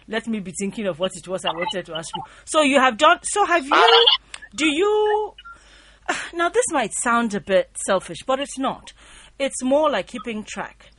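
A woman from Nigeria, hosting a radio interview, lively and quick to tease her guest. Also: fairly high pitch, dry recording. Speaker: radio host. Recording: noisy radio studio line.

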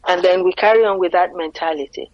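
A woman speaking earnestly in a conversational interview, explaining her view and pausing to rephrase. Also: on the low side, no echo, muffled recording.

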